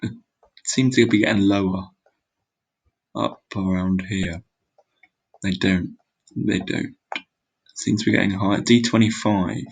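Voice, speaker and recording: A man's voice: fairly low pitch, fairly even intonation, moderate pace, creaky, pauses often, low-quality recording. A young man muttering his way through a geography guessing game, exclaiming and mocking his own mistakes. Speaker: gaming video creator. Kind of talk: casual gameplay commentary.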